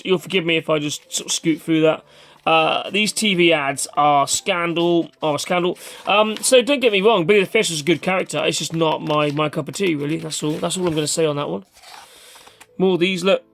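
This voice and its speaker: A man's voice: on the high side, creaky, a bit bright. A man hosting a casual, rambling video review, off-hand and chatty with mild swearing. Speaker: vlog host.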